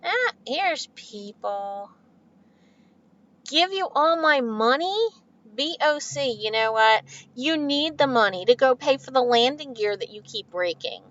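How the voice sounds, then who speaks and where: A woman trucker with a fairly high voice, chatting on a live stream from inside her cab. She laughs easily and answers viewer comments one after another. The sound is dull and lo-fi, picked up by a phone. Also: expressive, unhurried. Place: inside a truck cab with refrigeration unit running. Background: refrigeration unit hum.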